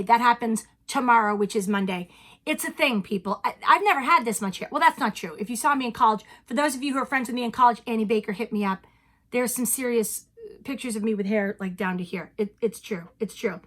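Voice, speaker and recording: Woman, 40s, vlog host, animated and theatrical, bright voice, slightly high, home closet, camera mic. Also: brisk. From New England. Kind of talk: chatty personal vlog.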